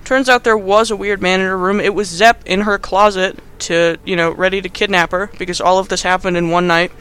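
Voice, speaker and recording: Bright, high-voiced man rambling sarcastically. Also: fairly even intonation, fairly quick, clean tone. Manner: rambling and sarcastic, heavy on fillers. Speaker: podcast host. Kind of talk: casual movie recap.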